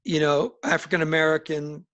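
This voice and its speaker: A man's voice: on the high side, steady tone, moderate pace, a bit bright, dull audio. A middle-aged musician from New Jersey and Alabama, telling rambling anecdotes in a casual interview and acting out the voices of people he quotes. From northern New Jersey and Alabama. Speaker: musician guest.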